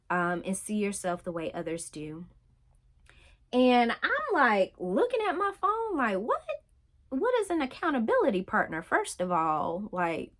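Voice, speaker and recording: A woman's voice: mid-range voice, fairly bright tone. A young adult woman speaking candidly in a personal vlog, telling her own story in a conversational way with lots of fillers. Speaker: vlogger.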